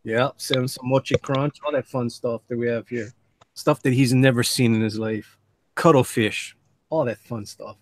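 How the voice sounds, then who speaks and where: A man's voice: medium pitch, fairly even intonation, moderate pace, no echo. A man hosting a live drawing stream, chatting casually with call guests and reading chat messages aloud in a laid-back way. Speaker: livestream host and artist.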